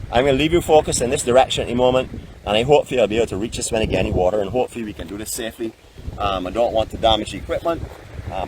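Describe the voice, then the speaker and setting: A Barbadian man hosting a live vlog from a raft off the beach, chatting like a welcoming tour guide, picked up by the camera mic with no external microphone. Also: mid-range voice. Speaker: vlog host. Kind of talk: live outdoor vlog narration. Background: faint wind.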